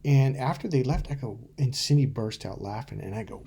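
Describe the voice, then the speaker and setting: A man's voice: mid-range voice, brisk, vocal fry, warm tone, a little hiss or hum. A middle-aged man, a dating coach, talking bluntly and profanely to camera, telling stories and acting out quotes. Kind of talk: casual to-camera coaching talk.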